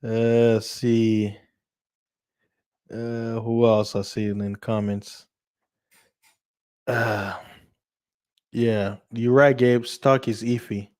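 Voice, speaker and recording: A chatty man from Africa hosts a casual livestream and reads viewer comments aloud. His voice sits at a medium pitch, and he laughs often and stumbles over repeated words as he talks. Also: level tone, drawn-out words, pauses often, darkish tone, clear, resonant tone, no room sound, clean studio sound. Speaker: channel host.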